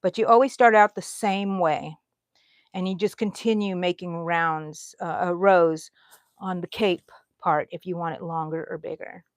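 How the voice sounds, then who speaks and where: Middle-aged woman, casual crochet livestream host, chatty and relaxed, dry close sound. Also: on the low side, a little slow, no echo. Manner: chatty, reads out viewer comments, yawns often. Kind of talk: casual live chat while crocheting. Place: at home.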